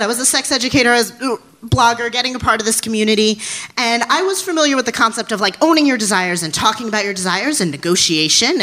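A person in their twenties telling a funny personal story live on stage, animated and giggly, poking fun at themself. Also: medium pitch. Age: 20s. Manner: animated, giggly, self-deprecating. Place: stage before a live audience.

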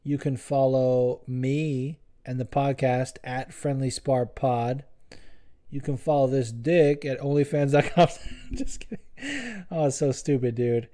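A man's voice: medium pitch, slow pace, mellow. A young man hosting a podcast, chatting in a rambling, profane, joking way. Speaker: podcast host. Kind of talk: casual podcast chat.

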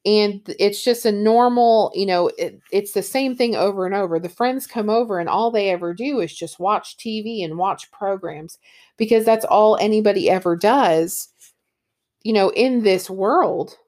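A woman's voice: mid-range voice, normal speed, a little mellow. Eager woman talking books. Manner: enthusiastic, with fillers like um and you know. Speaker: book reviewer. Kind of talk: casual book talk and reading aloud.

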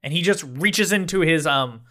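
A man's voice: on the high side, lively intonation, normal speed, sharp tone. A man narrating a tabletop game as game master, in a loose, playful way.

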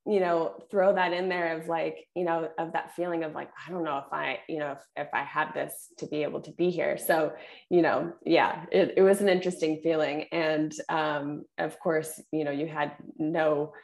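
Low-ish woman's voice with gravelly fry, rambly and chatty, lots of likes and you knows. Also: fairly even intonation, normal speed, darkish tone. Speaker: podcast guest. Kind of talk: casual podcast chat.

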